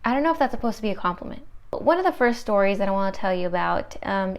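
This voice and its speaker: A young woman, a dental assistant, chatting and telling stories to her viewers in a casual, animated vlog. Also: on the high side, clear, resonant tone.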